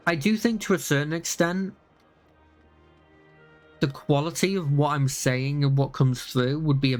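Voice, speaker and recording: A young man chatting casually on a live stream, rambling with many fillers and restarts. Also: on the high side.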